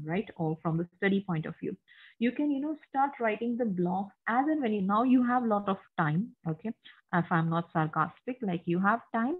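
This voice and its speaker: A woman teacher with an Indian English accent, explaining a lesson to students and often checking in with "right?" and "okay?". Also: mid-range voice. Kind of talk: online lecture to students. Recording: husky voice over a tinny phone-like line.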